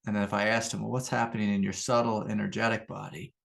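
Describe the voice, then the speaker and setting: A middle-aged meditation teacher speaks in a calm, unhurried manner, circling back to his key phrases. His voice sits a little low and has a gravelly edge. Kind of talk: spiritual teaching talk.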